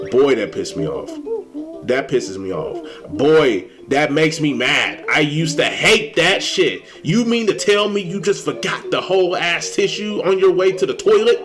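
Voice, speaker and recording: A young man streaming games, ranting in a casual, animated way, swearing and exasperated. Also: a little high, measured pace, soft background music. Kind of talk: casual rant while gaming.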